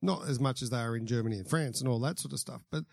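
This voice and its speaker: An Australian man with an Australian accent and a gravelly, creaky voice at middle pitch. He asks questions in a chatty, easygoing way. The sound is dry and close. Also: fast, no room sound. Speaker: podcast host. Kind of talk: casual interview chat.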